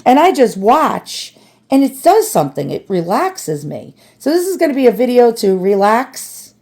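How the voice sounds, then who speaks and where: Very animated and talkative, a New York-accented woman vlogs about restoring antiques, cleaning one at home while gently mocking herself. Her voice is on the high side, a little mellow, at a moderate pace.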